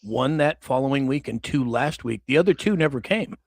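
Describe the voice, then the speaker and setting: A man's voice: mid-range voice, animated, fairly quick, gravelly, no room sound. Male live-stream host, chatty and upbeat, dry close-miked sound. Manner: chatty, thanks viewers, calls on panelists. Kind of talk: casual live-stream hosting.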